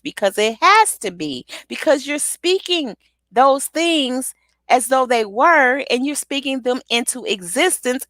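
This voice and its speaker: A woman giving an energetic motivational pep talk, repeating affirmations with rhythmic call-and-response. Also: on the high side, no room sound. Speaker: motivational speaker and author.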